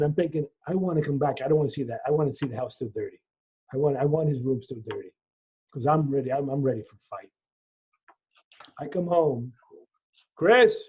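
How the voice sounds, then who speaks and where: A man lecturing in a Q&A over a video call, telling a personal story in an animated way, acting out dialogue and often restarting his sentences. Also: fairly high pitch, husky. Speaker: lecturer answering questions. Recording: muffled lo-fi video call audio.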